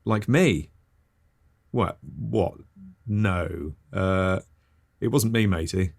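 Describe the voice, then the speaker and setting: A man's voice: deep voice, extremely slow, creaky, breathy edge, no room sound, clean studio sound. A man hosting a comic podcast, talking in a chirpy, eager and over-apologetic way. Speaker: podcast host. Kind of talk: comic scripted host patter.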